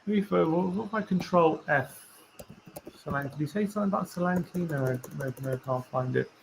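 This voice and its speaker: A man's voice: fairly high pitch, normal speed, gravelly, slight background noise. A man hosting a casual live stream for a fan channel, reading tweets aloud, musing and rambling with rhetorical questions to viewers.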